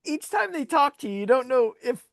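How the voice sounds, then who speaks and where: Gravelly woman co-host, dry sound. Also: high voice, a little fast, no echo. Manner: lively storyteller who laughs often. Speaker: podcast co-host and former sports agent. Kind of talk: casual sports chat.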